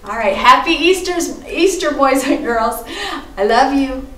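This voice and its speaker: A middle-aged woman teaching a children's church lesson, gentle and sing-song, with bursts of excitement. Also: high-pitched, unhurried, recorded from a distance, a little hiss or hum. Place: church room. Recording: echoey room, voice from off-mic, soft music behind.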